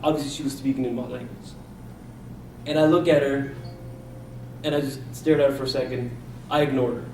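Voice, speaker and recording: A man's voice: medium pitch, steady tone, a little fast, pauses often, darkish tone, slight background noise. Man telling a story in an echoey hall. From India. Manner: personal anecdote with acted-out quotes. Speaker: contest speaker. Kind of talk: storytelling speech. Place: hall at a speech contest. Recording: echoey room from a distance, faint ambience.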